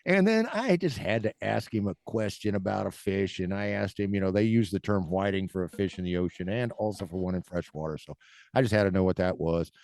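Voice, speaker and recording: A chatty man hosting a fishing podcast, upbeat and quick to laugh. His voice sits a little low and sounds close and dry, with no room around it. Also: vocal fry, darkish tone, no room sound. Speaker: podcast host. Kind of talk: casual podcast chat.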